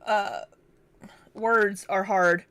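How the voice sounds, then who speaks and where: Slow-talking, tired woman streamer. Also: mid-range voice, fairly even intonation, a bit bright. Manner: slow, rambling, self-deprecating. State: tired after long streaming, hiccuping. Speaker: livestream host. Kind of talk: casual livestream chat.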